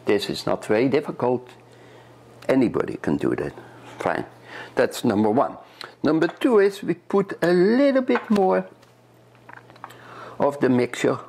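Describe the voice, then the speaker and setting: A man's voice: medium pitch, big pitch swings, unhurried, creaky, long pauses, darkish tone, breathy edge. A man from Europe, a chef, chatting step by step through a cooking demonstration in a kitchen and often repeating his words.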